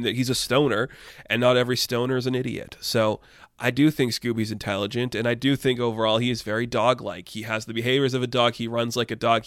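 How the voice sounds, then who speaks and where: A man's voice: medium pitch, fairly bright tone, clear, resonant tone, dry recording, clean studio sound. A young man talking loosely and irreverently in a casual opinion monologue, swearing now and then. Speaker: commentator.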